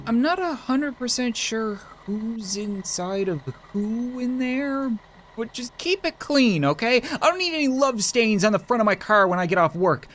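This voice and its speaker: A gaming YouTuber, a man, doing let's play commentary in a joking, excitable way, talking back to the characters on screen. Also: sits high, a little slow, background noise.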